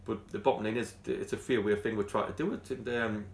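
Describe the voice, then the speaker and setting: A man's voice: on the low side, steady tone, fast talker, echoey room. A man with a Geordie accent, a football club manager giving a blunt, passionate interview, talking in bursts with many restarts. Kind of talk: post-training interview.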